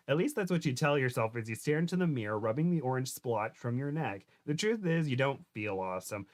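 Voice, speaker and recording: A man's voice: medium pitch, fairly bright tone. A young man chatting casually with a co-host, laughing often, then reading a fan fiction story aloud. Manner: giggly, self-deprecating, laughs often.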